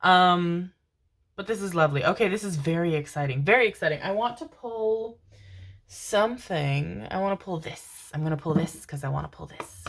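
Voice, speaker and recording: Lady doing a pick-a-card tarot reading, lowish voice, super sweet and gushy with the viewers, swears a bit. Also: moderate pace. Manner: affectionate, constantly calls viewers "my loves" and "my babies"; swears casually, laughs often. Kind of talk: casual tarot reading to camera.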